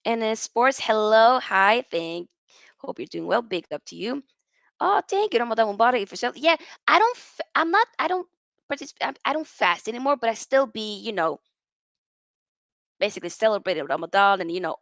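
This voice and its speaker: A woman hosting a casual football livestream, rambling and animated as she reads out chat and answers viewers. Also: mid-range voice, normal speed, gravelly, dry recording. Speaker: football channel host.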